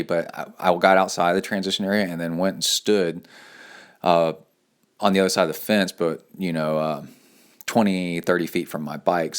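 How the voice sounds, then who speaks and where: A middle-aged man hosting a casual solo podcast, rambling with many fillers and restarts, and acting out quotes in a raised voice. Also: deep voice. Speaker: podcast host and coach.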